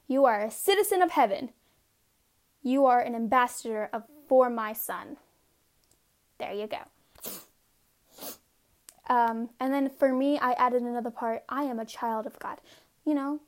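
A woman's voice: high-pitched, measured pace, pauses often, a little mellow. A woman giving a casual devotional talk. She reads scripture passages aloud in an earnest way and breaks off for informal asides to her listeners. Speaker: devotional speaker.

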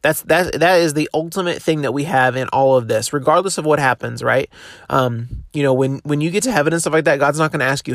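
A man's voice: fairly high pitch, fast, no room sound, studio quality. A young man hosting a devotional podcast, talking in a casual, encouraging way with plenty of fillers and restarts. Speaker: podcast host.

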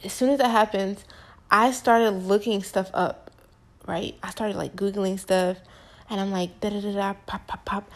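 A young woman in her twenties chats straight to camera, spinning a personal story in loose, slangy speech. She talks with an animated, emphatic delivery, leaning hard on key words. Her pitch sits right in the middle of the usual range for a woman. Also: unhurried. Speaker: vlogger.

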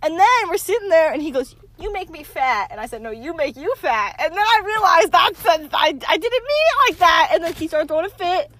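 A woman's voice: extremely high pitch, expressive, a little fast, hardly any pauses, a bit bright. A young woman co-hosting a casual podcast in a car, teasing and telling stories with lots of laughter. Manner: giggly, teasing, dramatic storytelling. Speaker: podcast co-host. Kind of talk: casual chat. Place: in a parked car.

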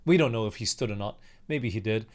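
A man's voice: lowish voice, fast. Conversational man leading a Bible study. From Australia. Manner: conversational, asks the listener questions, acts out quotes. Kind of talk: sermon-style Bible study talk.

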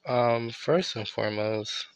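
A man hosting a casual solo podcast with a raspy voice, sounding tired and a bit under the weather, talking in a laid-back, rambling way and correcting himself as he goes. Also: mid-range voice, slow, dry recording. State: tired, not feeling well. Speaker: podcast host.

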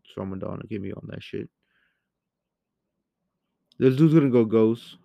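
Low gravelly young man ranting. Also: normal speed, no room sound, dull audio. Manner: profane, heated, swings between yelling and muttering. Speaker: commentary host. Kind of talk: angry ranting commentary. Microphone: home microphone.

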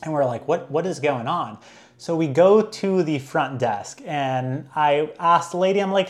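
A man's voice: on the high side, a little slow. A young man, a travel vlogger, telling a story casually, full of filler likes and restarts.

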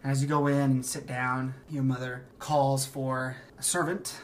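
A man narrating as game master, laying out scenes in a relaxed, descriptive voice. He restarts phrases as he thinks aloud. A faint hiss of ambience sits under his voice. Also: mid-range voice, unhurried.

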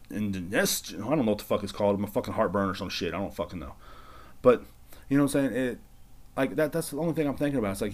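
A man's voice: lowish voice, darkish tone. A man hosting his own podcast, ranting in a rambling, sarcastic, profane way. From United States. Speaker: podcast host. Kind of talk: casual solo podcast rant.

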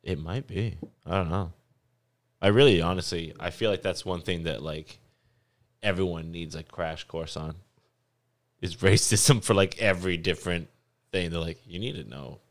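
A man's voice: low-pitched, normal speed. A man hosting a podcast in casual chat, rambling with many fillers and laughing often. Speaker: podcast host.

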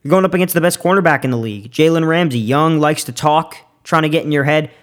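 A young man with a slightly higher-than-average voice delivers a heated, opinionated football rant. He talks fast and loose, repeating himself and restarting his sentences as he gets worked up. The delivery is casual podcast talk, not scripted. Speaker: sports podcast host.

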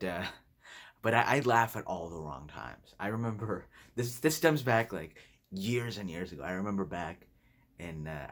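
A young man hosting a podcast, talking in a blunt, rambling, crude and flippant way, laughing often. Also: low-pitched. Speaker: podcast host. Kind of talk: casual solo podcast monologue.

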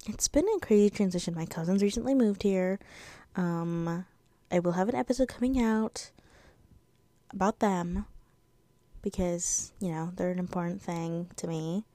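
A woman's voice: medium pitch, moderate pace, warm tone, no room sound. A teenage girl hosting her own podcast, talking in a rambling, filler-heavy way and sounding a little out of breath. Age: teens. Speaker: podcast host. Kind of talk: casual solo podcast chat.

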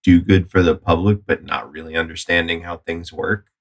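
Man, very deep voice, calm explaining, casual political chat. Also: gravelly. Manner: measured, explaining, with fillers. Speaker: podcast co-host.

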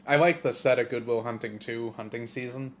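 A man co-hosting a podcast, telling movie stories in a profane, rambling, animated way. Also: medium pitch, unhurried, slight background noise. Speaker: podcast co-host. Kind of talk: casual chat.

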